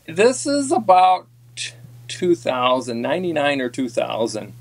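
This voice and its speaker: A man's voice: a little high, sing-song, measured pace. A man, a former tournament angler, telling a long, rambling story in a casual podcast chat, folksy and full of ums. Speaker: podcast guest, former walleye tour pro.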